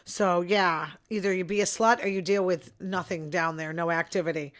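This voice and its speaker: On her casual solo podcast, a woman shares her opinions in a conversational way and occasionally murmurs asides under her breath. Her voice is on the low side, steady in tone, at a moderate pace.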